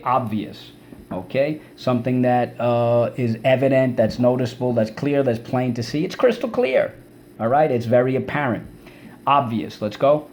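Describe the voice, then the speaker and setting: A male teacher runs a spelling lesson at a mid pitch, defining each word and then drilling it aloud in call-and-response, splitting it into syllables. A faint noise sits under the recording. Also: a little mellow.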